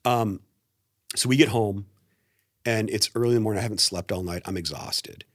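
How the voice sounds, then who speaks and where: A man's voice: fairly low pitch, moderate pace, dry recording, studio quality. A middle-aged man, a pastor and guest, telling a personal story in a podcast interview and acting out the quotes. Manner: animated storyteller, acts out quotes.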